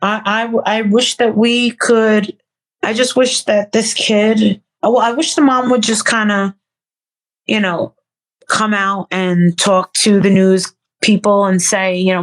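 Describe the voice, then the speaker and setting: A woman's voice: medium pitch, little pitch movement, a little slow. Blunt, swearing woman in casual talk. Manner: blunt, swears freely, laughs often. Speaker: guest. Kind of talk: casual interview chat.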